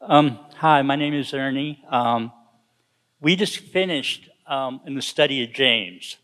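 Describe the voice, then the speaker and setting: A man gives a hesitant testimony in church, slow and full of pauses, laughing wryly at times. His voice is smooth and resonant, echoing in a big sanctuary. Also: medium pitch, a bit bright. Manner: hesitant, many ums, wry laughter. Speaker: congregation member giving testimony.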